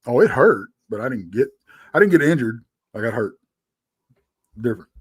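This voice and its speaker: A man with a Texan accent, telling a story as a guest, rambling and halting with lots of fillers. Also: medium pitch, sing-song, slightly rough, no room sound. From Texas. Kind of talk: casual storytelling.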